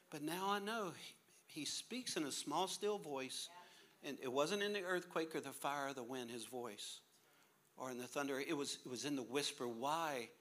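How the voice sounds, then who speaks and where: A man's voice: on the high side, normal speed. A middle-aged man preaching a sermon, reading scripture and acting out funny little scenes with his kids. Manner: animated, humorous, acts out little scenes. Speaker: pastor.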